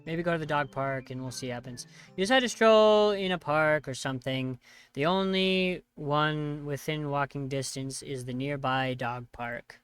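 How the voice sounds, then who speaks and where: A video game player with a smooth, mid-range voice narrates a text horror game at normal speed, reading its lines aloud. He skims sarcastically with "blah, blah," reads out the choices and reacts in mock outrage. The recording has no echo and faint music behind it.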